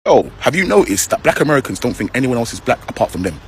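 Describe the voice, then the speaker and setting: Lively, husky English man storytelling. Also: mid-range voice, quick pace. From England. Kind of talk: animated anecdote.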